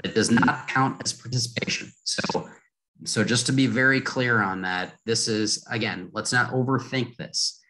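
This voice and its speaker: A man's voice: medium pitch, moderate pace, sharp tone, poor audio. Man moderating a webinar Q&A. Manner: clear, explanatory, repeats to make points plain.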